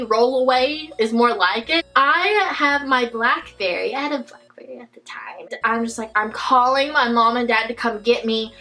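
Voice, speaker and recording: Bright, dramatic woman vlogger. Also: a little high. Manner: animated, dramatic storytelling. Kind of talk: storytime vlog.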